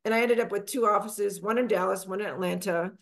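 A middle-aged woman from Texas speaks as a financial advisor guest on an interview. She tells her story in a chatty, animated way, acting out the people she quotes with sudden jumps in pitch. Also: fast. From Texas, USA.

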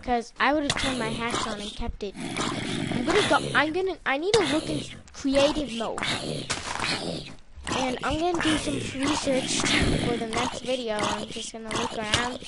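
A woman giving casual, rambling gameplay commentary, excitable and prone to loud outbursts, with music behind her. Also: sits high, normal speed, heavy background noise. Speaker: gaming YouTuber.

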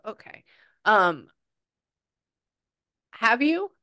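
A woman's voice: a little high, very animated, very slow, pushed and bright, no room sound. A woman working as a psychic medium in a casual session, chatting and passing on quotes in a conversational way.

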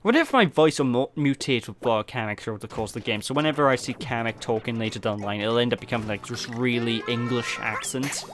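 A man's voice: medium pitch, quick pace, few pauses, noisy background. A man from Wales giving casual, rambling gameplay commentary with self-mocking jokes. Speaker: let's play host. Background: game music.

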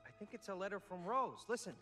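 An actor playing an eager, excitable young husband and father in a video game, with quick, animated delivery. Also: high-pitched. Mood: puzzled. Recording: game audio over music.

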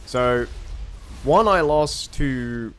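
Let's-play host, rambling and profane, animated pitch. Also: male voice, drawn-out words. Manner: rambling, swears at the game. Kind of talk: gaming commentary.

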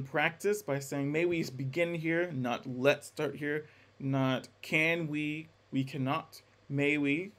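Young male music teacher, slightly high voice, casual lecture with self-corrections and sung vowel demos. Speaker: music instructor. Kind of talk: classroom lecture.

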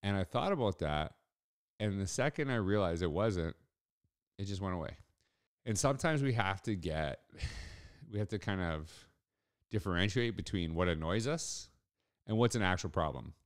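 A man's voice: on the low side, expressive, normal speed, pauses often. A middle-aged man hosting a solo podcast, telling a story in an earnest, reflective way. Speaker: podcast host.

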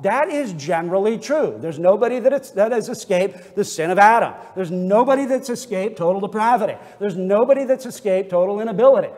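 A man's voice: sits high, animated, brisk, few pauses, a little mellow. A male pastor preaching an earnest, expository sermon from the pulpit, using pointed rhetorical questions. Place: church sanctuary. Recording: long hall reverb.

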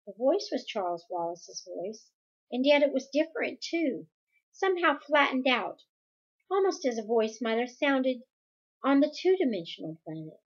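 A woman reading a children's novel aloud chapter by chapter, gentle, closing with a spoken blessing. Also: high voice, sing-song, moderate pace, breathy edge, highs cut off.

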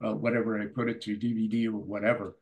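An older man from Canada, a musician guest telling lively anecdotes in a casual interview and often acting out the people in his stories. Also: fairly low pitch, quick pace, highs cut off.

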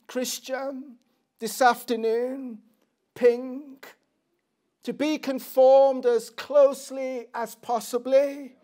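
A middle-aged man preaching a sermon, earnest and posing rhetorical questions to the congregation. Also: very high voice.

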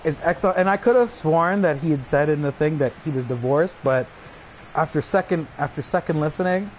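A man's voice: a little high, moderate pace, slight background noise. A man ranting aggressively on a livestream, swearing constantly, taunting, and mumbling asides. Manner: breaks into chuckles, mumbles asides. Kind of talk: profane livestream rant.

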